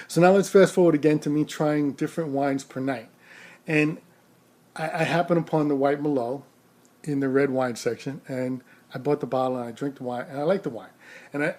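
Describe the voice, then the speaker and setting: A man's voice: on the high side, a little mellow. Rambling, self-mocking man telling a story. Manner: rambling, self-mocking, laughs often, repeats words. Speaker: rideshare driver. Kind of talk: casual storytelling to camera.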